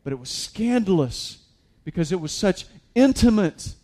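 A man's voice: high voice, big pitch swings, normal speed, a little mellow. A man preaching a sermon as a pastor, conversational with many fillers and restarts, building to emphatic peaks.

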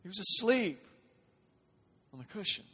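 Impassioned high-voiced preacher in a big hall. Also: male voice, very animated, a little slow, slightly rough. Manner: swings from quiet and conversational to loud and impassioned. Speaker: pastor. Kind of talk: sermon. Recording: long reverb of a large hall.

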